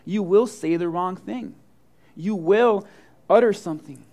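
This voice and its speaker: A middle-aged male pastor preaching a sermon, telling funny personal stories and acting out the quotes with big swings in voice. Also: measured pace. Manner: animated storyteller, acts out quotes with big swings of pitch and loudness.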